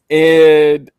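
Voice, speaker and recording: A man talking casually on a podcast, telling a story in a loose, rambling way full of fillers and acted-out lines. His voice sits a little high for a man. The sound is close and dry, with no room echo. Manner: rambling, animated retelling with acted-out quotes. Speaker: co-host recapping a show.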